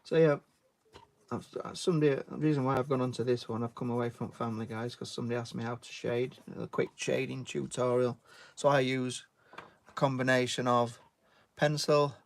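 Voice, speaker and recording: A man's voice: medium pitch, flat delivery, a little fast, gravelly. A British man chatting casually while giving a drawing tutorial and thanking viewers. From Britain. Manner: chatty, reads out viewer names and thanks them, "mate". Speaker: artist live-streaming.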